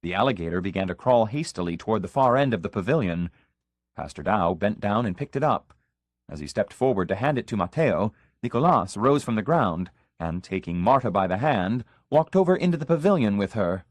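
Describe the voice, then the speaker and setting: A man narrating an audiobook of short stories in an expressive storytelling manner. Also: lowish voice, fairly quick, no room sound.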